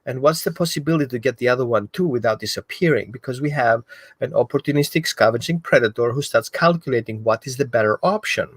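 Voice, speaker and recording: A man explaining dog training in an animated way, acting out what the dog thinks. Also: medium pitch, fast, no room sound. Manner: animated, acts out the dog's thoughts. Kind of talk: explanatory talk.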